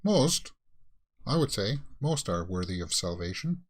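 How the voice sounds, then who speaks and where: A man with a Canadian accent giving casual reaction commentary, thinking aloud and often pausing to search for words. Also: fairly low pitch, sing-song. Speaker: reaction video host.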